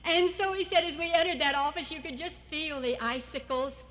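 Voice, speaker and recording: A woman's voice: high voice, normal speed, a bit bright, poor audio. A woman giving an anecdotal church talk as a missionary speaker, storytelling and acting out the people she quotes.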